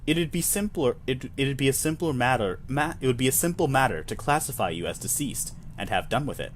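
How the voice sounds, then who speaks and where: Guy doing a faceless admin thing, flat synthetic-ish voice, cold polite bureaucrat. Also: mid-range voice, fairly quick, slight background noise, close to an everyday voice. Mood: cool, detached. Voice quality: flat, neutral, synthetic-sounding. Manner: polite, cold, matter-of-fact.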